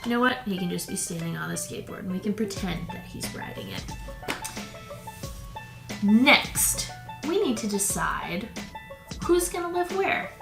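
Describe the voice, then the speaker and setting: Gentle, unhurried woman hosting kids' play. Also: mid-range voice, big pitch swings, creaky. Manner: playful, gentle, talks to the viewer. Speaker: children's video host. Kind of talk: toy play demonstration for kids. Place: home. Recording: roomy with background music.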